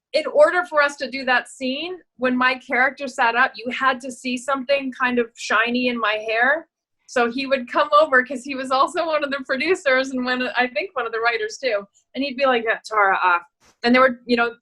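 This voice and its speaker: A woman's voice: sits high, a little fast, low-quality recording. A middle-aged woman, an actress, telling candid stories in a casual interview, acting out the voices of others and laughing often. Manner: animated storyteller, acts out quoted voices, laughs often. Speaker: actress and producer, guest.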